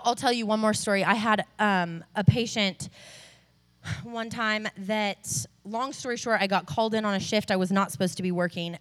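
A young woman, a nurse, tells a faith story to a congregation. She talks in a chatty, animated way, with many "like"s, and her voice rises as she grows passionate. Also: medium pitch. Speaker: nurse giving a testimony. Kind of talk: testimony sermon to a church audience.

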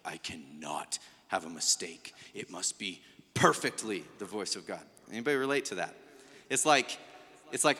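A man's voice: medium pitch, bright, forceful tone, long reverb tail. A man preaching to a room of people in a loose, conversational way, acting out the voices he quotes. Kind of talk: conversational sermon to a live room. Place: large room with a congregation.

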